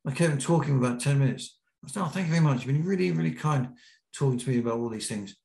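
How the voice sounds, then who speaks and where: A British man, a podcast guest, telling a lively anecdote and acting out the quotes. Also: mid-range voice, racing, creaky. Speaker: podcast guest, BASE jumper. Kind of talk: storytelling in an interview. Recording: roomy echo.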